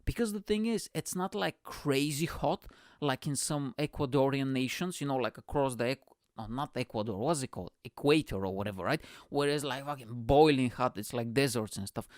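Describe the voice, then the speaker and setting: A man's voice: mid-range voice, fairly quick, dry recording, clean studio sound. A man from Bulgaria hosting a podcast, delivering a rambling, profane comedic monologue with lots of energy. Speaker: podcast host.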